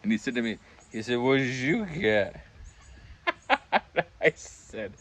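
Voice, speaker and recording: A man's voice: mid-range voice, very animated, slow pace, fairly bright tone. An older man telling rambling, chuckling pub anecdotes in a casual vlog, acting out the voices he quotes. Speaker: vlogger. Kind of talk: casual storytelling. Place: backyard pub shed.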